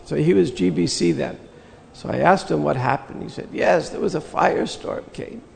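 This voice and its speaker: An older man telling a personal spiritual story in an earnest, reflective way, with slow pauses. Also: fairly high pitch, gravelly, darkish tone, big-room sound, slight background noise. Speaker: spiritual teacher recounting memories.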